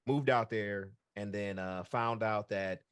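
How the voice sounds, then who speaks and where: A man co-hosting a podcast, telling a long personal story in a relaxed, rambling way, full of fillers and acted-out dialogue. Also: fairly low pitch, takes it slowly, smooth, no echo, clean studio sound. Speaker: podcast co-host. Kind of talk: casual storytelling chat.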